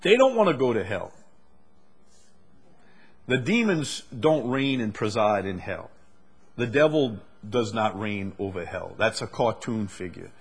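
A man's voice: fairly low pitch, big pitch swings, a little slow, pauses often, breathy edge. A man preaching a sermon, reading scripture aloud and building to emphatic, rising delivery.

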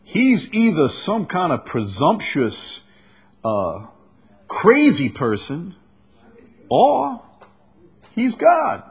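A man preaching an expository sermon, reading scripture slowly and deliberately, then booming for emphasis and dropping low. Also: huge pitch swings, vocal fry, husky. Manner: reads verses slowly and deliberately. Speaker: pastor.

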